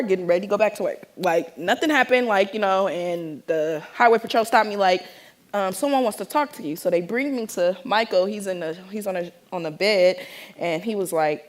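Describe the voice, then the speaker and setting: A young woman from the Bay Area telling an audience her own story in a lively, animated way, acting out the voices of the people in it. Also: mid-range voice. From San Francisco Bay Area. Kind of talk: personal storytelling talk to an audience.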